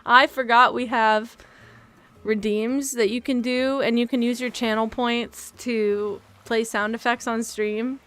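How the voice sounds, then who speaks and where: A woman streamer chatting casually while gaming. She rambles and is self-deprecating, teary and quick to laugh. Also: a little high, fairly even intonation, a bit bright, clear, resonant tone. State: teary, emotional.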